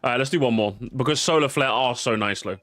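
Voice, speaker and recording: A man's voice: medium pitch, quick pace, a bit bright, no echo. A man giving casual, jokey gameplay commentary, swearing and pleading with the game as he races. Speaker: gaming YouTuber.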